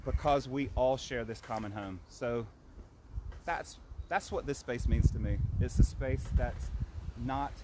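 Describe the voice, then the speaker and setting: A man's voice: mid-range voice, a little slow. Chatty man telling stories outdoors. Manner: chatty, storytelling, many restarts. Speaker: walk guide and community organiser. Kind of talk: casual outdoor storytelling. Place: outdoors by a community garden. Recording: loud outdoor noise with passing traffic.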